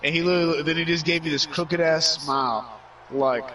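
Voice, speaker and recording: A male streamer tells a story at a rapid clip, rambling and stacking filler words with plenty of cursing. His voice sits a bit back from the microphone, with faint noise behind it. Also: a little high, a bit bright. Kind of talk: casual storytelling. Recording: voice somewhat far from mic.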